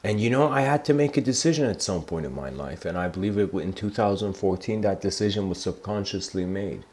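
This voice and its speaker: A man giving a livestreamed spiritual talk, telling stories reflectively and slowing down for emphasis. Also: fairly low pitch, animated, a little mellow. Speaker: spiritual lecturer.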